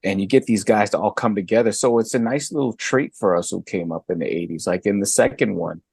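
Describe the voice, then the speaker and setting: A middle-aged man and guest co-host chatting casually, animated, jumping high in pitch when he makes a point. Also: fairly quick, creaky, slightly rough. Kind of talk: casual chat.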